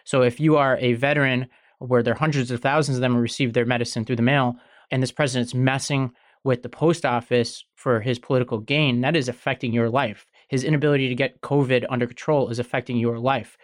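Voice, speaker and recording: A man hosting a political podcast, explaining news in a measured, conversational way. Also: medium pitch, fairly even intonation, dry recording, studio quality. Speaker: podcast host.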